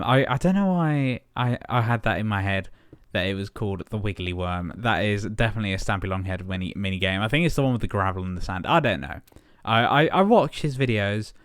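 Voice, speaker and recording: A man's voice: fairly low pitch, clean tone, no room sound, clean studio sound. A young man casually chatting while building in a game, rambling with many fillers and little chuckles. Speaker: gaming channel host. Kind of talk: casual Minecraft building commentary.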